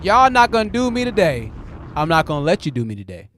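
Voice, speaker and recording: A man's voice: a little high, very animated, fast talker, a bit bright, slight background noise. A man hosting a livestream, giving blunt commentary and talking straight to his chat. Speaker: host.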